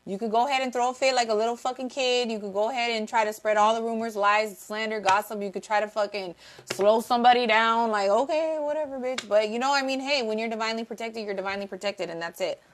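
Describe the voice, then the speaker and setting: There's a little hiss or hum behind this woman's voice, which is on the high side and fast, with few pauses. Reading tarot casually for a live chat audience, she's blunt and foul-mouthed, says things twice for emphasis, and greets viewers as they show up.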